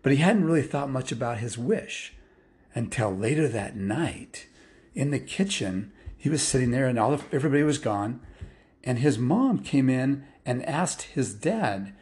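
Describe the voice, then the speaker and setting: A man's voice: medium pitch, expressive, normal speed, darkish tone. A man telling a story casually, rambling and stringing clauses together with "and" and "well.".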